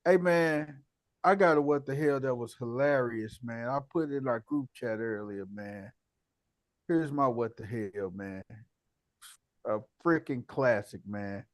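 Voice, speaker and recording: A man's voice: medium pitch, unhurried, no echo. A man hosting a casual sports talk podcast, easygoing and slangy, laughing often and tagging sentences with "man". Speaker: podcast host. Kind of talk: casual chat.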